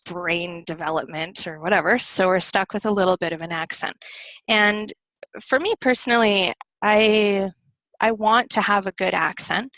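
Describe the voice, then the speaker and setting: Young american woman teaching english live online, chatty and relaxed, dry close sound. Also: mid-range voice, no room sound. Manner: relaxed, conversational and personal.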